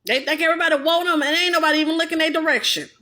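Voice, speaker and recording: A woman's voice: sits high, fairly even intonation, very fast, sharp tone. A woman vlogger in a blunt, profane, heated casual rant. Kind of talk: casual ranting monologue.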